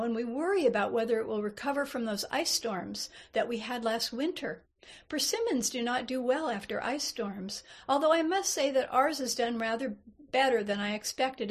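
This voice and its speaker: A woman voicing a tiny old Japanese man in his seventies, gentle and delighted, chatting in a lilting way. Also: fairly high pitch.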